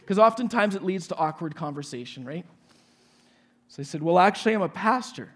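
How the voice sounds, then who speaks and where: A man in his forties, a pastor, telling a lively personal story in a sermon and acting out the dialogue. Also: high-pitched, quick pace, husky. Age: 40s.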